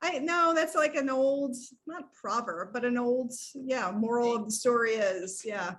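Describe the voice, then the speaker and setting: A woman guest on a casual podcast, telling stories in an animated way and laughing often. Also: on the high side, unhurried. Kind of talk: casual chat between friends.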